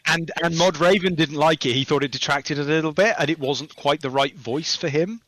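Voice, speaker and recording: A man talking as a game developer guest on a podcast, rambling and hesitant, then animated when telling stories. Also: a little high, normal speed, no echo. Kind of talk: casual podcast chat.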